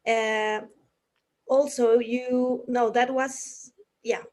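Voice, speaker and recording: High-voiced, gushing woman interviewer. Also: flat delivery, very slow, darkish tone. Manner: enthusiastic, hesitant with many fillers. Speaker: interview host. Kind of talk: casual interview.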